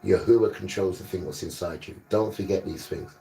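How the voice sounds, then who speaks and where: Gravelly, low-voiced emphatic preacher man. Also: steady tone, fairly quick, warm tone, distant mic. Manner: emphatic, repetitive, scolding. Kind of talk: livestreamed sermon.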